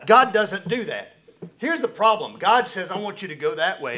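A middle-aged man preaching a sermon, folksy and animated, swinging between loud and quiet. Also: high voice, normal speed. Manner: folksy, animated preaching with rising and falling volume.

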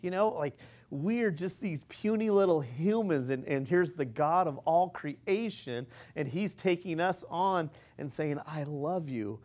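A man's voice: a little high, lively intonation, measured pace, few pauses, a little mellow. Man, informal lay preacher, earnest, rambling delivery with frequent restarts. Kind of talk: informal sermon.

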